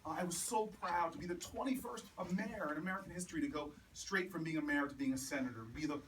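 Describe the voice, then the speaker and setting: A man giving a campaign speech with personal stories, an animated storyteller who builds to repeated rallying refrains. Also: on the high side, fast talker. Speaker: politician. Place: house party in a home. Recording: distant mic with room noise.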